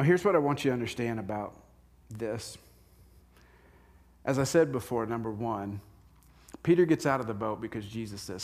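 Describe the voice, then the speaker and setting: A man preaching a sermon in a conversational way, acting out the people in the story with quick voices. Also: mid-range voice, darkish tone. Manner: acts out Bible figures in quick voices, conversational. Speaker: pastor.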